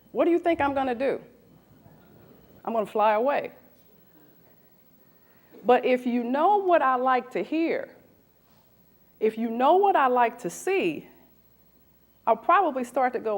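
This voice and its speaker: A woman in her forties speaks as a recruiter addressing a live audience. Her voice sits fairly high and swings widely in pitch. She often stops to put questions to the room. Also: measured pace, long pauses. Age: 40s. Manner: animated, asks the audience questions. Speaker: recruiter giving a talk. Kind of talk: lively presentation to an audience.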